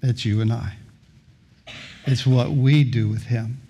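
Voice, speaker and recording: A man's voice: medium pitch, steady tone, slow pace, gravelly, dark tone, slight background noise. A middle-aged male pastor preaching a sermon, telling a story and acting out its voices, often repeating words as he starts sentences. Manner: storytelling, acts out voices in anecdotes.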